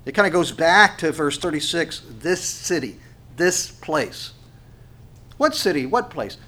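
A man delivers a sermon in a fairly high voice. He swells on the scripture readings and sinks to a quieter, lower register when he explains them to the listeners. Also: measured pace. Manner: animated preaching, voice swells on scripture and drops low on asides. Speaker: pastor.

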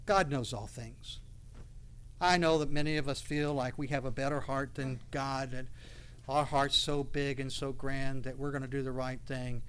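A man's voice: medium pitch, fairly even intonation, normal speed, a bit bright, smooth. A man preaching a sermon, reading scripture aloud and building to passionate, raised outbursts. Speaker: pastor.

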